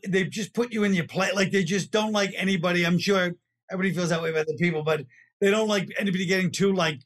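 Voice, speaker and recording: Wry New man, high voice. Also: fast, a bit bright. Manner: wry, rambling, trailing off mid-sentence. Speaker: comedian guest. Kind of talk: casual podcast chat.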